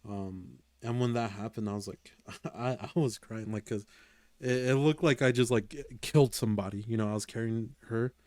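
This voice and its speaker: A man's voice: on the low side, moderate pace, a little mellow, no room sound. A man co-hosting a podcast in casual chat, talking hesitantly and searching for his words. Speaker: podcast co-host.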